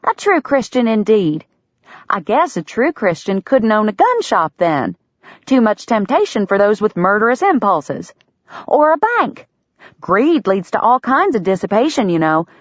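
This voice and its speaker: A woman reading an audiobook, voicing a spirited young woman who is indignant and quick-witted. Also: medium pitch, expressive, dry recording, pitched above the performer's own voice, lightly acted. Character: spirited young woman, protective of her friend. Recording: dull, dry lo-fi sound.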